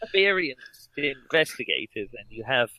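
A man narrates a tabletop game as its game master, slipping dry jokes in between the scene-setting. His voice is bright and forward. The sound is close and dry. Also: medium pitch, big pitch swings, moderate pace, dry recording, rough recording.

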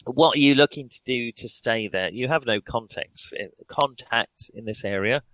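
A man narrates a tabletop game as its game master, slipping dry jokes in between the scene-setting. His voice is bright and forward. The sound is close and dry. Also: medium pitch, normal speed, no echo, rough recording.

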